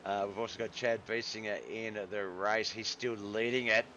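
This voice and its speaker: Low-voiced man doing casual race commentary. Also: fairly even intonation, moderate pace, bright, forceful tone, highs cut off, a little hiss or hum. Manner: chatty, reads out viewer chat and calls people brother. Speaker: stream host and race commentator. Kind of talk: casual live-stream sim racing commentary.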